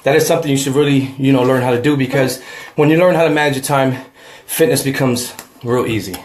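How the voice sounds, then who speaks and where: A man's voice: mid-range voice, fairly even intonation, fast talker, roomy sound. A man in a casual home workout vlog, out of breath and chatty, talking to the camera and to a friend. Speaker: fitness vlogger.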